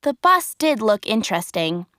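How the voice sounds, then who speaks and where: A woman reading a children's storybook aloud, clear and expressive. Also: medium pitch, moderate pace, dry recording, studio quality. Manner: clear, expressive, carefully paced. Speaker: storybook narrator. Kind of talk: slow storybook reading for learners.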